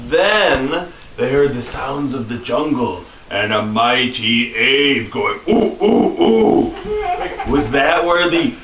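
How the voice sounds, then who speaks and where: A man's voice: medium pitch, animated, slow. A man telling his young nieces a made-up fairy tale in a playful way, often chuckling. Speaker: uncle telling a story to young children. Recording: distant, muffled, echoey, loud hiss.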